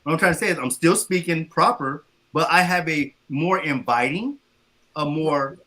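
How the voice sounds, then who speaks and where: Guy cohost in casual chat, bright tone, talks emphatic, lots of i i i restarts. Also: on the high side, moderate pace. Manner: emphatic, stammers and restarts when arguing. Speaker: podcast co-host.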